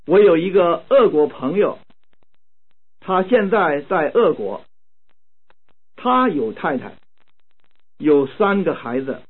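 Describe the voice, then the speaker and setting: A man reading short model sentences slowly and carefully for language learners. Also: fairly high pitch, very animated, breathy edge. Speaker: language tape speaker. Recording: tinny narrow-band tape recording.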